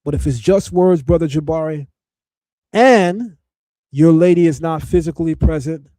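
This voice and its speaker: A man hosting a podcast, giving opinionated commentary in a loose, conversational way. His voice sits a little high for a man but sounds mellow and soft-edged. The recording is dry and close, with no room around it. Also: moderate pace, no room sound. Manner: conversational, with laughs and filler words. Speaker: podcast host.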